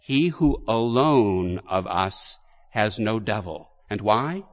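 Slow, deliberate preaching man. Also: lowish voice, lively intonation. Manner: slow, deliberate preaching with emphatic rises and quiet drops. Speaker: Catholic priest. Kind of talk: sermon.

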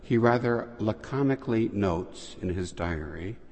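A man preaching a sermon, telling the story slowly and deliberately with long pauses. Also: lowish voice, lively intonation, darkish tone. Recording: long hall reverb.

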